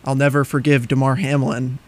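A man's voice: medium pitch, flat delivery, brisk, very noisy. A young man co-hosting a college radio show, making playful hot takes and joking around. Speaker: radio co-host. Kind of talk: casual sports chat on college radio.

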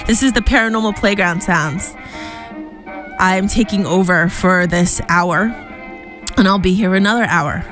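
A young woman hosting a college radio show, talking in a gushing, excitable way with frequent laughs. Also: mid-range voice, unhurried. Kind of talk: casual on-air chat. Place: radio studio. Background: jazz music playing behind.

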